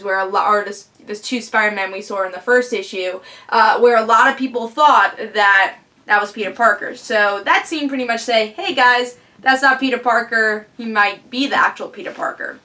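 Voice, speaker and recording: A woman giving a casual comic book review on her vlog, excitable and fond of rhetorical questions. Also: on the high side.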